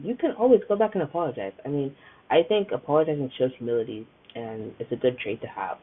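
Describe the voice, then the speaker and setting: A woman's voice: extremely low pitch, animated, fast, slightly rough. A young adult woman hosting a podcast, giving her opinions in a chatty, emphatic way. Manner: chatty and emphatic, many filler "like"s. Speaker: podcast host. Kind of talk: casual opinion monologue. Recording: tinny phone-like sound.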